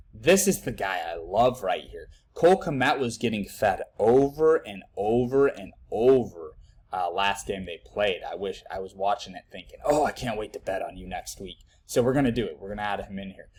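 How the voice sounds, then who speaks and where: A young man giving blunt, profane betting picks in a casual live video, working through numbers out loud. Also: medium pitch. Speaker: sports betting tipster.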